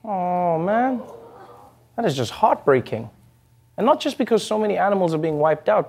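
A man's voice: high voice, a little mellow. A man hosting a late-night comedy show, delivering a sarcastic monologue with jokes and asides. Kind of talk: comic monologue.

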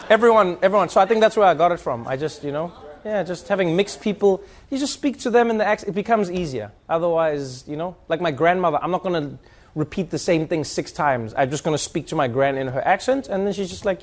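A man from South Africa telling a lively, animated story in casual chat, slipping into other people's accents. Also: high-pitched, fast. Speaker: host.

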